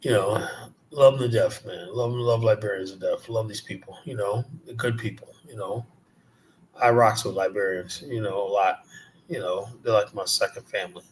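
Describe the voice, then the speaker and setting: His lowish voice keeps a fairly even intonation at a moderate pace, with a little hiss or hum present. A man from South Jamaica, Queens, New York, he hosts a livestream and rants casually, swearing and mocking as he rambles.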